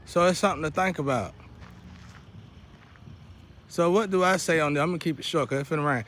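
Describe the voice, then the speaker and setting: High-voiced man in an impassioned monologue. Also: a little fast, a bit bright, a little hiss or hum. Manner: preachy, repetitive, building to urgent outcry. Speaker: vlogger. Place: outdoors near a porch.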